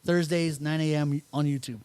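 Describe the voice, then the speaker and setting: A man's voice: fairly high pitch, steady tone, moderate pace, darkish tone, clear, resonant tone, no room sound. A young adult man co-hosting a podcast, playful and self-mocking, laughing easily during casual banter. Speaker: podcast co-host.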